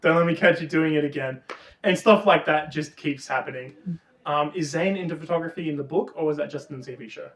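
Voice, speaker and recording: A man co-hosting a casual book review chat, retelling the plot with lots of swearing and animated energy. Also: on the high side, brisk. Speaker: podcast co-host. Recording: roomy, distant mic.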